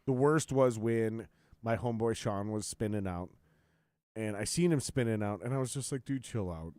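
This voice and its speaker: A man hosting a podcast, telling stories in a profane, ranting way and loudly acting out what others said. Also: fairly low pitch, normal speed, clean tone, dry recording. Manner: profane, ranting storyteller, quotes others in raised voice. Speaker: podcast host. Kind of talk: casual chat.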